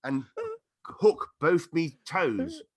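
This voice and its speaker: A man's voice: on the high side, extremely slow. A middle-aged man telling a funny story on a podcast, laughing and acting out quotes. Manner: animated anecdote-telling with laughter and acted-out quotes. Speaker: podcast guest. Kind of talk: casual storytelling chat.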